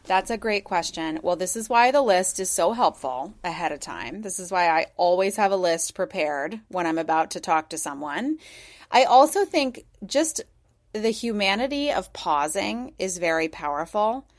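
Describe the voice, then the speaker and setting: A woman guest on a podcast explaining her ideas in a measured, thoughtful, coaching way. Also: on the low side, animated. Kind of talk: conversational explanation.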